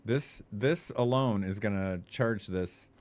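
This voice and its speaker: A young adult man giving animated, profane gaming commentary, laughing often and chatting to his viewers. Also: fairly low pitch, slow pace. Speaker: streamer.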